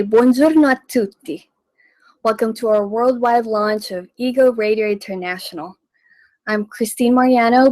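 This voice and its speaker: A woman hosting a radio language lesson, speaking deliberately and repeating words so listeners can copy them. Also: medium pitch, dry recording, low-quality recording. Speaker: radio host and language teacher.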